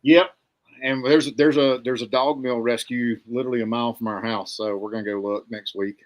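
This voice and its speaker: A man in casual chat as a podcast co-host, easygoing and soft-spoken. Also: medium pitch, steady tone, brisk.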